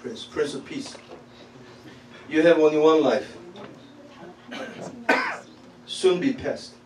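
A man, preaching a sermon as pastor, talking back and forth with the congregation and breaking into shouts and laughter. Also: fairly high pitch, slow pace, background noise. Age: 40s. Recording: echoey hall from far off with crowd.

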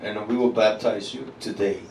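A male pastor preaching a sermon, drawing call-and-response from the congregation and building to loud declarations. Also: on the low side, steady tone, moderate pace, gravelly, a little hiss or hum. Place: church hall. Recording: echoey hall, miked from a distance, congregation audible.

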